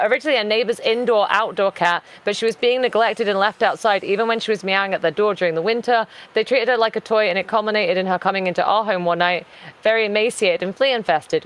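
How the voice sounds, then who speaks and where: A playful, chatty woman with a British accent co-hosts a charity livestream. She talks casually and affectionately, and reads out messages in the same easy voice. Her voice sits at an ordinary, mid pitch. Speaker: charity stream co-host. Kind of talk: casual stream chat and reading donation messages.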